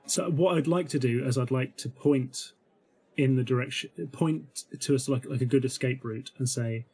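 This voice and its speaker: A man's voice: mid-range voice, normal speed, a little mellow, breathy edge, soft background music. A man playing a tabletop role-playing game, chatty, laughing easily and thinking aloud with many fillers. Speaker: player.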